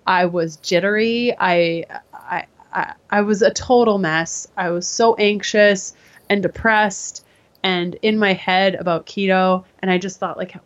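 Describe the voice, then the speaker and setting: A woman guest in an interview, telling her story in a casual, animated way and acting out what others said to her. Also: mid-range voice, measured pace. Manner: animated, acts out quoted voices. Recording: dull lo-fi sound.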